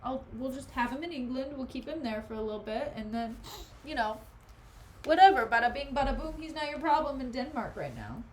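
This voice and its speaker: A woman's voice: high-pitched, animated, brisk, slight background noise. A young woman streamer reading a play aloud and chatting sarcastically about it in slang.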